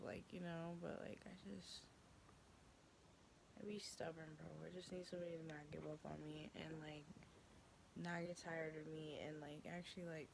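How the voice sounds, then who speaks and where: A young woman talks straight to the camera in a rambling, profane vlog confession. Her voice sits a little low with a gravelly edge. A faint hiss runs under the recording. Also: darkish tone, poor audio. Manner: blunt, profane, rambling with many fillers. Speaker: vlogger. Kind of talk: casual confessional monologue.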